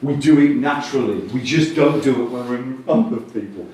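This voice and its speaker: A man giving a lively, jokey presentation at a coaching conference, often acting out voices. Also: medium pitch, a little fast, slight background noise. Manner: animated, jokey, acts out voices. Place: large hall. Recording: echoey hall, mic far off.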